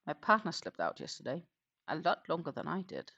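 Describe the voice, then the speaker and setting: A crochet livestream host chatting casually while working, rambling with lots of hesitations and quietly counting stitches. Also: medium pitch, huge pitch swings, a little fast, gravelly, breathy edge, lo-fi sound. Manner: rambling and hesitant, many fillers, counts stitches under breath.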